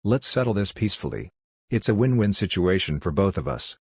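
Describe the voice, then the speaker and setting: A man's voice: low-pitched, very animated, brisk, breathy edge, no echo, studio quality, exaggerated voice. A man voicing a smug, greedy male dog with a cocky, self-satisfied manner in an audiobook. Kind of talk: audiobook character reading.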